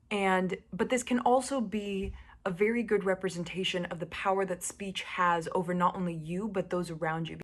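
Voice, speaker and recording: Blunt, swearing woman vlogger. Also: mid-range voice. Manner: blunt and fiery, swears often, swings from hushed to emphatic. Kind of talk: casual direct-to-camera monologue.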